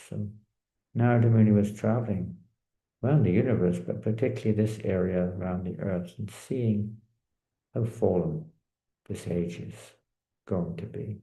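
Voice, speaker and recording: A man tells a sacred story in a sermon, dark and mellow in tone with a gravelly edge. He talks in an animated, storytelling way. The sound is roomy and echoey. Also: deep voice. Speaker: spiritual teacher. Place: in India.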